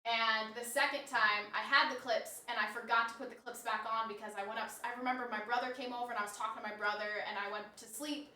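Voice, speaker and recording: A woman's voice: on the high side, fairly even intonation, fast talker, hardly any pauses, bright, forceful tone. A woman streamer chatting casually on a live stream, rambling and answering her chat as she goes. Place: home, room with snake enclosure. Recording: roomy, distant mic.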